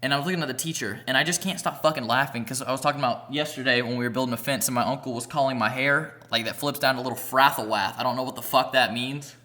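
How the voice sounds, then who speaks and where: A man's voice: medium pitch, fairly even intonation, fast talker, few pauses, sharp tone. A young man vlogger telling a rambling, profane story in a casual storytime vlog, packed with "like" fillers. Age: young adult.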